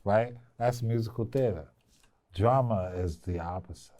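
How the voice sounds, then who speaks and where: A man's voice: fairly low pitch, a little slow, dark tone, no echo. A man coaching a young actress in a casual interview, playful and teasing, sometimes breaking into song. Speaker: acting coach.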